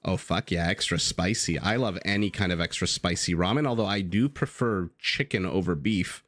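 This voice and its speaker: A man's voice: low-pitched, normal speed, a bit bright, dry recording. A man casting a strategy game live, chatting casually with viewers and telling stories as he goes. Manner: chatty, easygoing, swears casually, tells stories.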